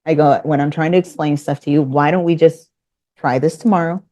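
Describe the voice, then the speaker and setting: A woman's voice: sits low, fairly even intonation, fairly quick, warm tone. A woman guest telling a business story in casual conversation, acting out both sides of the dialogue. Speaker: podcast guest.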